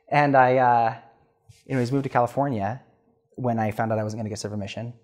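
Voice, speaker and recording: A man in his thirties, a podcast guest telling a personal story in an earnest, animated way with restarts. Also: medium pitch, brisk, long pauses.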